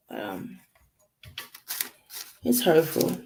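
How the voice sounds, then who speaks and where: A woman's voice: lowish voice, expressive, moderate pace, creaky, slight background noise, poor audio. A woman telling a painful family story to the camera in a rambling way, acting out the dialogue and fighting back tears. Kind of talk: emotional personal storytelling.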